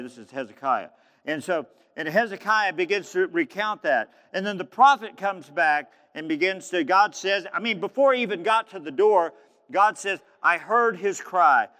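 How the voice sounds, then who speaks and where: A man preaching a sermon as pastor, swinging between hushed, low passages and loud, high calls. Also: clear, resonant tone, long reverb tail.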